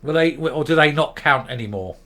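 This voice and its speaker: A middle-aged English man delivers a sarcastic, exasperated rant. His voice sits a little high and comes out sharp and forceful. He trips over his words and restarts as his frustration builds. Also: lively intonation, brisk. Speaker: commentary vlogger. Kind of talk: opinion rant.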